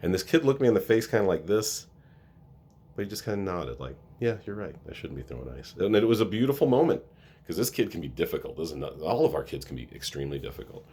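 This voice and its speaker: Very deep-voiced earnest man. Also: sing-song, fast, warm tone, husky. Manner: earnest and emotional, with many restarts. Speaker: school staff member. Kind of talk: casual talking-head vlog.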